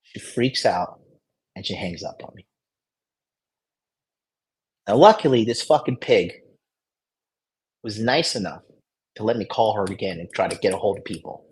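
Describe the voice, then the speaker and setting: A man's voice: fairly low pitch, expressive, moderate pace, pauses often, darkish tone, low-quality recording. Swearing, boastful storytelling man. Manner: profane, boastful, heavy swearing. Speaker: dating coach vlogger. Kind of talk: casual storytelling. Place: private hospital room.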